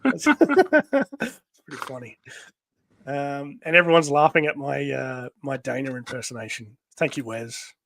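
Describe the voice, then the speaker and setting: A man hosting a live comic read-through, rambling with many pauses and laughs. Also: mid-range voice, lively intonation, vocal fry, a bit bright, no echo. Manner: rambling, full of ums and laughs. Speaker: host. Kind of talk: casual live-stream chat.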